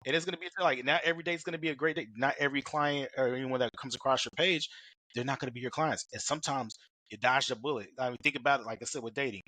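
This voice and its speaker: Fast, bright-voiced man hosting a podcast. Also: medium pitch, fairly even intonation, dry recording, rough recording. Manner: rambling, many fillers and restarts. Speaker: podcast host. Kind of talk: casual interview chat.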